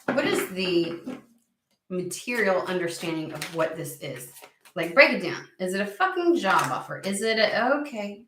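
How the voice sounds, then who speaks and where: A woman's voice: medium pitch, big pitch swings, moderate pace, a bit bright, recorded from a distance, a little hiss or hum. A woman gives a casual tarot reading, her mid-range voice jumping between amused exasperation and sudden outbursts. She swears freely and talks back at the spirit she's reading for. She sounds a step away from the mic, in a room that echoes. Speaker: tarot reader.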